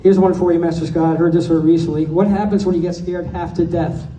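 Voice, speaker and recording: Man, high pitch, very mellow tone, delivering a roast toast with punchlines; distant mic in an echoey hall. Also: steady tone, slight background noise. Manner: rapid one-liner punchlines. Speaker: speaker giving a birthday toast. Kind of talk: joke-filled roast speech.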